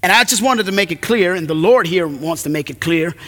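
A man pastor preaching an earnest, animated sermon with dramatic pauses in a church. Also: high voice. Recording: echoey hall.

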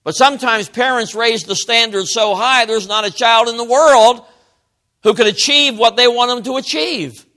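A middle-aged man preaching a sermon, swinging from loud emphasis to quiet asides. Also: very high voice, moderate pace.

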